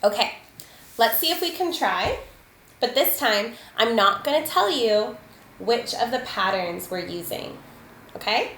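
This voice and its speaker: Patient woman teacher, slow and clear, slightly high voice, roomy echo. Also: lively intonation, fairly bright tone. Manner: slow, patient, sounds out words and counts aloud. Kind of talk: spelling lesson for children. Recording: echoey room, faint ambient noise.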